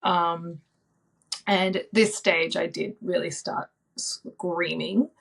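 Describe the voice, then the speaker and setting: A woman in her thirties, a podcast guest telling a personal story in a soft, reflective way with frequent ums and likes. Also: lowish voice, steady tone, slow, creaky, slightly rough. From Australia.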